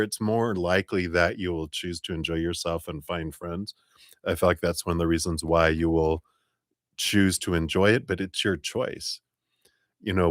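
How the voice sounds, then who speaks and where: A man hosting a live tarot reading, chatty and quick to laugh, stretching words for emphasis. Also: low-pitched, dry recording, studio quality. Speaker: tarot reader.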